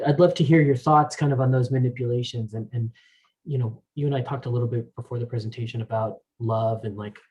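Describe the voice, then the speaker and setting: A man hosting a meetup, telling a story in a casual, halting way over a video call, with many restarts and fillers. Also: medium pitch, warm tone, low-quality recording. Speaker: meetup host.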